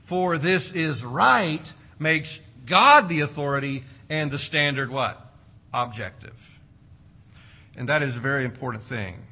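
A man preaching a sermon, swinging between loud emphasis and hushed, quiet drops. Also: mid-range voice, unhurried. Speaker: pastor.

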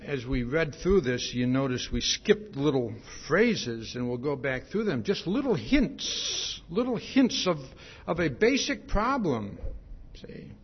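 In a dull lo-fi recording, a male preacher delivers an expository sermon verse by verse at a measured pace. His voice is a bit high, husky and sing-song, and he keeps tagging points with "see?" while repeating and restarting phrases.

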